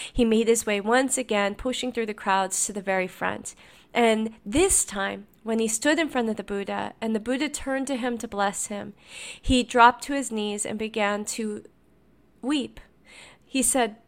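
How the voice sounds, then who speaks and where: A woman's voice: fairly high pitch, steady tone, measured pace. A woman podcast host telling a teaching story in an earnest, reflective way, with frequent restarts. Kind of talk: motivational storytelling.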